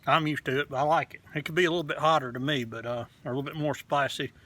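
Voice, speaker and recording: Man, casual beer review vlog, rambling and frank, slightly high voice, bright tone. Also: steady tone, racing. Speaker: beer reviewer, channel host. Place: outdoors.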